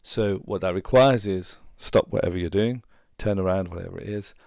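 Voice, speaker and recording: A man's voice: deep voice, moderate pace, vocal fry, a little mellow, no echo, clean studio sound. A middle-aged man, a relationship coach giving earnest, conversational advice and sharing personal stories. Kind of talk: casual advice talk.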